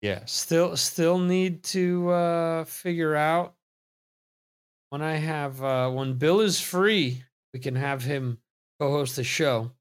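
Slightly high and smooth, this man's voice moves at a slow pace. He's an American trivia host on a live stream, chatting casually into his computer microphone and wandering through viewer comments as he reads them aloud.

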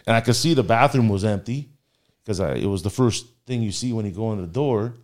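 A man's voice: fairly low pitch, a little fast, a little mellow. A man casually telling a story as a guest, rambling and full of filler words.

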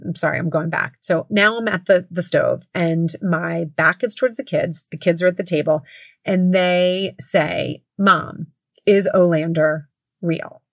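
A woman's voice: fairly low pitch, no room sound. A woman in her thirties or forties, a mother hosting a podcast, telling a story casually with lots of fillers and self-corrections.

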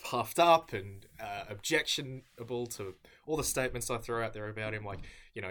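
A male podcast co-host with a very bright, forceful tone. He delivers teasing rants in a theatrical, speechifying way during a comic mock debate. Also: mid-range voice, normal speed.

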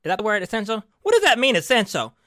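Sassy, theatrical man with lively pitch. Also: dry recording, clean studio sound. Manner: sassy, theatrical, calls listeners honey; drawn-out, emphatic repetition. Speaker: podcast host. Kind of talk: casual chat.

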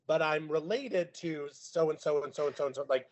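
A man's voice: fairly high pitch, moderate pace. A man talking as a guest on a podcast, telling family stories in casual chat, acting out what other people said and laughing often. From Sicilian family heritage. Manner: animated storyteller, acts out quoted people, laughs often.

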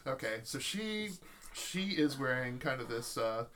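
A man tells a story in a relaxed chat, keeping an ordinary mid-range pitch. He slips into the voices of the people he quotes as he goes. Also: measured pace. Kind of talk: casual chat, telling an anecdote.

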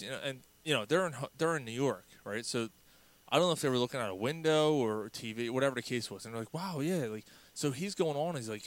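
Male in casual chat, mid pitch, relaxed and halting. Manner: relaxed, halting with repeated words. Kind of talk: casual conversation.

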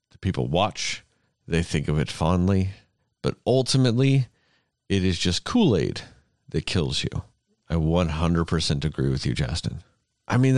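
A man's voice: lowish voice, dry recording, clean studio sound. A man co-hosting a film review podcast, talking emphatically and sardonically. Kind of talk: casual film review chat.

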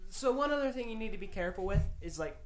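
A woman's voice: mid-range voice, expressive, quick pace. A young woman co-hosting a casual family chat, giving easygoing advice and laughing along. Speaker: daughter, podcast co-host. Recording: echoey room with clear background noise.

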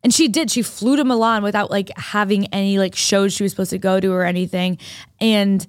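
A woman's voice: mid-range voice, fairly even intonation, fairly quick, dry recording. Chatty young woman, dry close sound. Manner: chatty, storytelling with many fillers. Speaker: podcast co-host. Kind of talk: casual chat.

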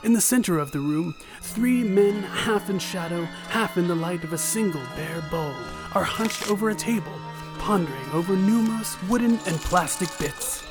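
A man's voice: high voice, over music. A man co-hosting a board game podcast, narrating a skit and then chatting playfully. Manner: measured storytelling, playful banter. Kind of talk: dramatic narration and casual chat.

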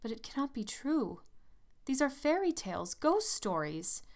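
A woman's voice: sits high, very animated, unhurried, pitched above the performer's own voice, full character voice. A woman voicing a nervous, fearful young woman, pleading and anxious in a gothic story.

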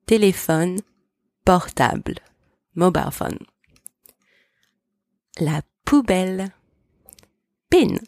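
A French teacher and podcast host carefully pronounces words for listeners to echo back, taking the vocabulary slowly. Her voice is low, gravelly and darkish with lively intonation, captured in studio quality without echo.

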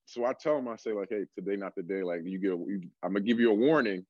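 A young adult man, a strength coach, telling stories in a relaxed casual way, full of fillers. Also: lowish voice, fast, no room sound, muffled recording. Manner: relaxed storytelling, many fillers like "like". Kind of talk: casual podcast conversation.

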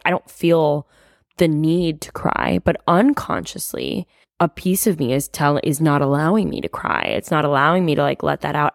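Young woman, podcast host, low voice, dry close sound, confiding, loose and chatty. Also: expressive, measured pace, creaky, dry recording. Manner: open, confiding, frequent "like" fillers, casual swearing. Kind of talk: candid solo podcast monologue.

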